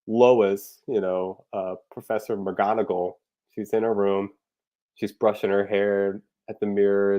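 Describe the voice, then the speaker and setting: A man's voice: fairly low pitch, dark tone. A man chatting casually about his parody episode ideas, loose and rambling with lots of fillers, chuckling at his own jokes. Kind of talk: casual rambling talk to camera.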